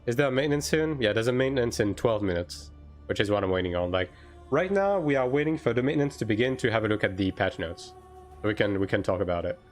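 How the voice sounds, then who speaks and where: A man chatting casually on a live game stream, answering chat with lots of fillers and quick bursts. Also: lowish voice, lively intonation, soft background music.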